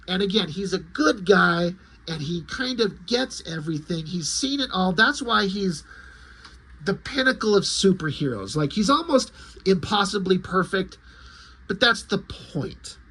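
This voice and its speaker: A middle-aged man recapping a comic book casually, animated and emphatic, with some swearing. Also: high-pitched, unhurried, slightly rough.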